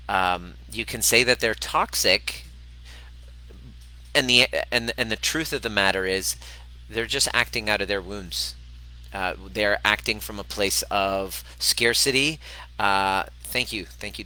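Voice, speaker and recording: A man hosts a casual livestream on self-love and healing, speaking candidly and emphatically, swearing freely and repeating points to drive them home. His voice is low-pitched with a bright, forceful tone, and the recording is low quality.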